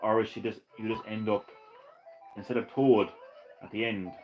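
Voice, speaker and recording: A man's voice: on the low side, normal speed, soft background music, low-quality recording. Ranting man streaming retro games. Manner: ranting, profane, excitable, laughs at own jokes. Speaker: gaming live streamer. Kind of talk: casual live-stream chat.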